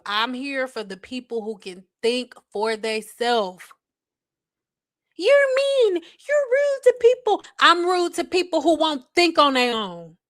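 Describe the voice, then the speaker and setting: A high-pitched woman talking close to a dry mic in a casual livestream rant. She is blunt, exasperated and swears freely. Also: a bit bright, dry recording. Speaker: hair care educator. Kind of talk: casual ranting livestream talk.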